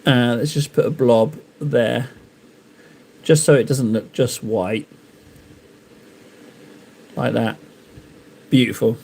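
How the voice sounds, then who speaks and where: A man's voice: medium pitch, fairly even intonation, slow pace, creaky, pauses often, a little mellow, a little hiss or hum. Chatty man painting on a live stream. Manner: rambling, jokey self-talk while painting. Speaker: livestream host painting miniatures. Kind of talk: casual live-stream chat.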